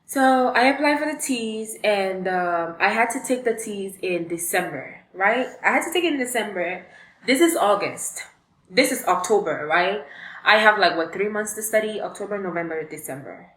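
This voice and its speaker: A woman's voice: mid-range voice, moderate pace. Chatty young woman in an echoey room. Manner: animated, chatty storytelling with many fillers. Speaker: vlogger. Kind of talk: casual storytime vlog.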